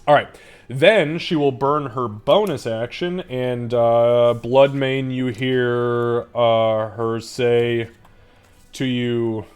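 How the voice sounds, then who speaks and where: A man running a live tabletop game as game master, narrating and swearing freely in an animated way. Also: medium pitch, takes it slowly, smooth, faint music behind.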